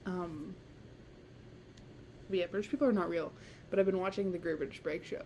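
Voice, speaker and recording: On her own podcast, a girl in her late teens chats and rambles, leaning heavily on "like" and laughing often. Her voice sits on the low side, fairly even and a little fast, somewhat mellow, with slight background noise.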